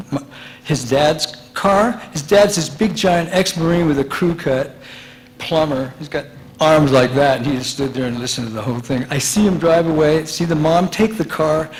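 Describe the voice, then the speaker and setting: A man in his sixties telling a personal story live in an animated, laughing and profane way. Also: a little high, rough recording.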